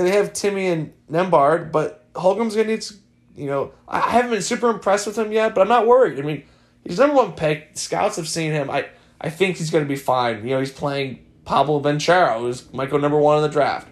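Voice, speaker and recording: Young male podcast host, casual and rambling, wry asides, mid-pitched voice. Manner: rambling, filler-heavy, wry. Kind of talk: casual chat.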